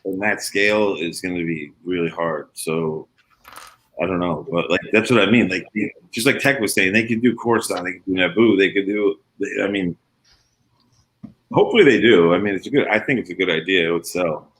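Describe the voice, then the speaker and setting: A man's voice: sits low, a little fast, fairly bright tone, slight background noise, poor audio. A man chatting casually in an online group call, rambling and enthusiastic with lots of fillers. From New York area.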